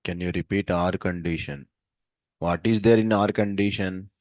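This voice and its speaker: A man's voice: sits low, fairly even intonation, moderate pace, a little mellow, dry recording. A male programming teacher, running a class by asking short questions and answering them himself. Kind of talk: live coding class. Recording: dull, dry lo-fi sound.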